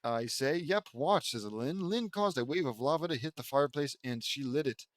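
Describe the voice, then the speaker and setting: A man's voice: medium pitch, expressive, no echo. Sarcastic man reading fan fiction aloud. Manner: exasperated, sarcastic asides and quick mock voices. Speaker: reader mocking a fan fiction. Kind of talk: sarcastic comedic dramatic reading.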